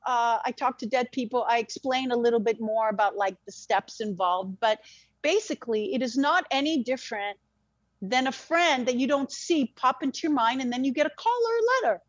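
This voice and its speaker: High-voiced woman telling a story in dull lo-fi sound. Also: no room sound. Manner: animated, swears freely, restarts sentences. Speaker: interview guest. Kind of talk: emotional personal storytelling.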